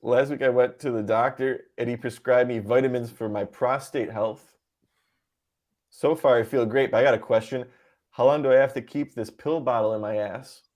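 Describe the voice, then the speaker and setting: A man co-hosting a comedy podcast, telling one-liner jokes in a deadpan way. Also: mid-range voice, normal speed. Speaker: podcast co-host.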